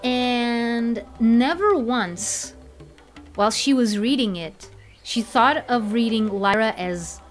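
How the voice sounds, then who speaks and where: A woman's voice: fairly high pitch, slow, soft background music. A young woman streaming casually as a VTuber, rambling and laughing often, repeating herself as she goes. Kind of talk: casual chat.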